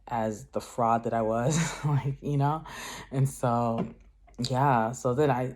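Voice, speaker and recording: A man's voice: medium pitch, darkish tone. A man chatting casually in a craft vlog, rambling with many filler words and frequent laughs. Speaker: craft vlogger.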